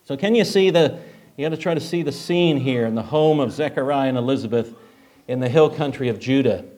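A man's voice: mid-range voice, a little fast, darkish tone. A male preacher giving a sermon in a conversational way, asking rhetorical questions with frequent filler words.

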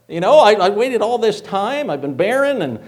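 A man preacher voicing a proud, pregnant older woman who complains indignantly, with his voice a little higher than usual. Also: sing-song, normal speed, a little mellow.

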